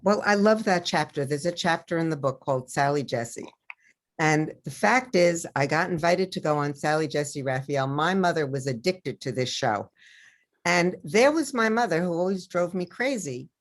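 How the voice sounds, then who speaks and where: An older woman with a low voice tells personal stories as an interviewed author. She tells them in a lively way and acts out the voices of the people she quotes. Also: normal speed. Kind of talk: storytelling interview over video.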